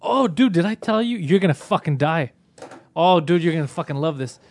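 Fast-talking, profane comedian telling stories. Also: male voice, a little high. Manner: profane, animated storytelling. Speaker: podcast host; stand-up comedian. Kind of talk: casual chat.

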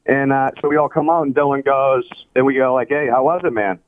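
Man, blunt, profane, storytelling, dull lo-fi line, mid pitch. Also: fairly even intonation, a little fast. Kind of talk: crude comedy radio call-in.

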